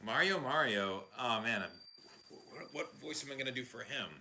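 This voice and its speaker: A woman co-hosting a game stream in casual chat, playful and quick to laugh and joke. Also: extremely low pitch, lively intonation, bright, forceful tone, a little hiss or hum. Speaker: co-host playing along.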